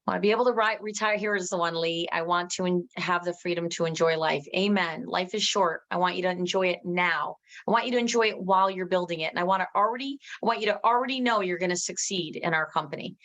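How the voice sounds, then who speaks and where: A woman giving an emphatic motivational training talk to her team, talking quickly and restarting often. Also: on the low side. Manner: energetic, emphatic, reads out viewers' comments.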